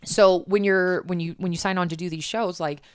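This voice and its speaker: Woman, low voice, casual chat, filler-heavy, dry close sound. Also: steady tone, fairly quick, smooth, no room sound. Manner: chatty, lots of fillers and restarts.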